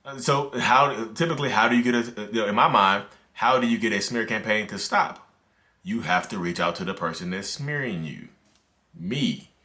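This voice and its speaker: A man, talking casually to camera as a video host, animated and ranting, with many filler words. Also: fairly low pitch, normal speed. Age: 30s. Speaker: mental health video host. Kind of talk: casual direct-to-camera talk.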